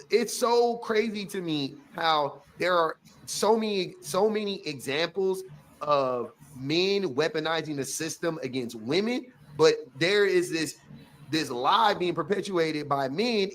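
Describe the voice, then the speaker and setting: A man giving casual, blunt reaction commentary on a clip, profane and animated, stumbling and restarting often. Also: high voice.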